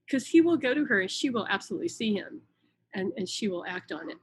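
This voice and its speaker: A middle-aged woman talking casually on a live stream, retelling events in an animated way with many restarts and quoted dialogue. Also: on the high side, fast talker, breathy edge. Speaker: host, spiritual channel.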